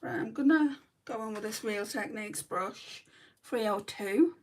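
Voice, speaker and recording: A woman's voice: a little high, measured pace. A woman beauty vlogger chatting casually while doing her makeup, rambling with many ums. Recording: voice a bit far from the mic.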